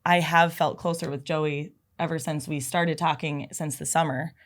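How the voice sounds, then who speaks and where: A woman's voice: low voice, fairly even intonation, moderate pace. A young woman, a podcast guest, chatting casually in a studio and leaning on "like" a lot. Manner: chatty, heavy use of "like". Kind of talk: casual chat.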